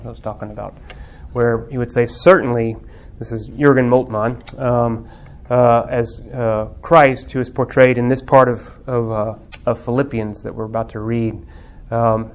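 In a Bible class on theology and religious art, a man with a mid-range voice and some vocal fry talks reflectively, pausing often and using plenty of fillers. He then builds up to fervent emphasis.

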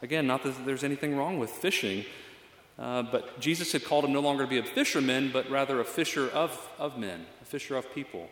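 A man's voice: mid-range voice, fairly quick, fairly bright tone, echoey room, long reverb tail. A male pastor giving a reflective, conversational sermon with frequent fillers.

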